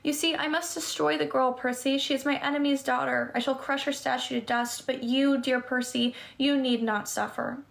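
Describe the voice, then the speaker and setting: A woman's voice: sits high, fairly even intonation, normal speed, hardly any pauses. A woman reading a novel aloud, voicing an old female monster who talks in a soothing, coaxing purr. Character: old female monster, soft-spoken and menacing.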